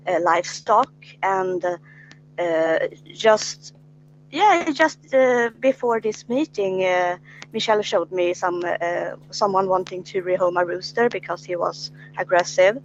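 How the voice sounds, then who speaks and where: A woman's voice: on the low side, unhurried. Woman, podcast host, hesitant with fillers, dull recording, faint hum. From Sweden. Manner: hesitant, many filler sounds. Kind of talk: casual interview chat.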